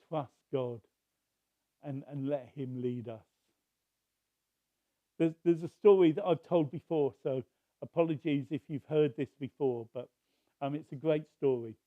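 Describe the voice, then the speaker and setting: A man's voice: fairly high pitch, no room sound, narrow, tinny audio. A man preaching a sermon, telling a story in a conversational way with restarts.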